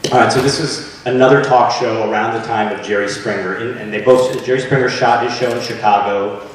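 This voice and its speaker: A man's voice: mid-range voice, fairly quick, a little hiss or hum. Laughing actor man in an echoey room. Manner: animated, laughing storyteller with many restarts. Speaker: actor and guest. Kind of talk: casual chat. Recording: echoey room, distant mic.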